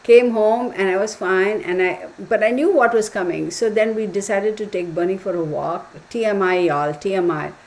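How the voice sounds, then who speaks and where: A woman's voice: mid-range voice, normal speed, few pauses, a little mellow, poor audio. A woman, rambling along in casual chat with the viewers of her live stream and saying y'all. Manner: chatty, rambling, says y'all.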